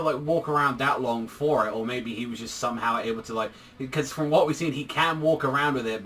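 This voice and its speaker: A man casually recapping a manga chapter, rambling and excitable, swearing a lot and filling his talk with "like". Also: mid-range voice. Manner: rambling, profane, heavy use of "like", excitable. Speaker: manga reviewer.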